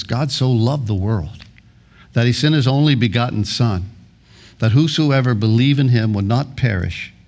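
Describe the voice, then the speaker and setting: A male pastor preaching a sermon in a church, earnest, often restarting his words. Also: mid-range voice. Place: church sanctuary.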